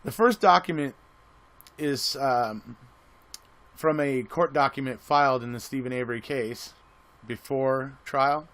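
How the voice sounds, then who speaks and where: A man's voice: medium pitch, unhurried, long pauses, a bit bright. Rambling man giving casual commentary. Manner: rambling, with frequent restarts and repeated words. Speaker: online commentator.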